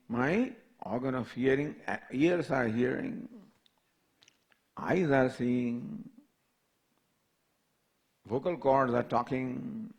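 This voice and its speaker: A man's voice: medium pitch, vocal fry, a little mellow, muffled recording. An older man, a spiritual teacher, giving a scripture class lecture, reciting verses and asking repeated questions. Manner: slow, repetitive questioning, reciting Sanskrit verses.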